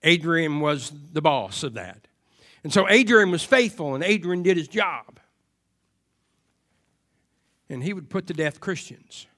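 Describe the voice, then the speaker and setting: A man preaching a sermon, moving from quiet, hushed passages to loud, emphatic cries and repeated phrases. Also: fairly high pitch, expressive, measured pace, pauses often.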